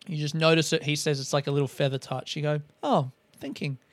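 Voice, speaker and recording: A man's voice: on the high side, flat delivery, fast talker, no echo. A man talking in a casual, rambling monologue on a podcast, swearing often and mocking himself. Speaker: comedian podcast host.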